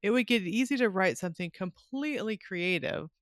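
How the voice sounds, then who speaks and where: A woman's voice: mid-range voice, expressive, fairly quick, no echo, clean studio sound. A middle-aged woman hosting a casual book chat, talkative and laughing often. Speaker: podcast host and author.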